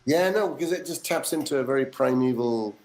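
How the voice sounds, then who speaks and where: A middle-aged man, a voice actor, telling animated stories in a casual interview, acting out quotes and swearing now and then. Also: medium pitch, fairly quick, poor audio. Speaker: voice actor guest.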